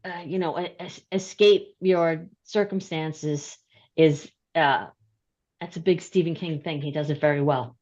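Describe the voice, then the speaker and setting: A woman's voice: low-pitched, steady tone, measured pace, darkish tone, muffled recording. A middle-aged woman chatting in a book club discussion, talking easily and laughing often.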